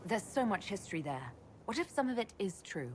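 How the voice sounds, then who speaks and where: An actress voicing a thoughtful female elf leader in a video game, speaking calmly and reasonably. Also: medium pitch, brisk, a little hiss or hum, lightly acted. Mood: musing.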